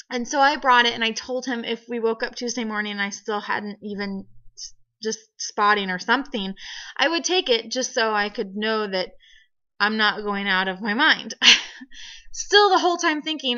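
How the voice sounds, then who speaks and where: Young female vlogger, bright, forceful voice; chatty, giggly storyteller. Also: a little high, a little slow. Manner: giggly, animated, frequent laughs. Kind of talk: casual storytelling vlog. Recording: dull lo-fi home video audio.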